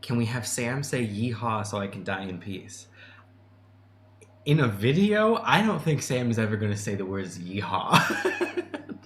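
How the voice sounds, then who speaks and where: A man's voice: on the low side, wildly swooping pitch, moderate pace, a bit bright, slight background noise. A man hosting a casual livestream, reading and answering chat messages in a chatty way, laughing often and restarting his sentences. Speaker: channel host answering chat. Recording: echoey room with faint ambience.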